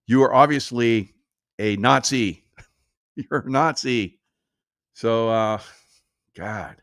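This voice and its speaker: A man's voice: fairly low pitch, no echo, clean studio sound. A man hosting casual political commentary, sarcastic and mocking, chuckling often as he reads and reacts.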